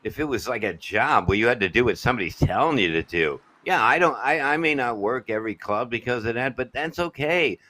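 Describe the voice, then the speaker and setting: A man's voice: mid-range voice, lively intonation, brisk, hardly any pauses, pushed and bright. A man hosting a comedy podcast, talking bluntly and profanely with strong emphasis. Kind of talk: podcast chat.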